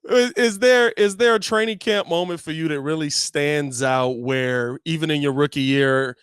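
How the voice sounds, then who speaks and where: A man hosting a casual sports podcast, asking questions in a relaxed, slangy way. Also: fairly high pitch, normal speed, smooth, no echo, studio quality. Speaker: podcast host.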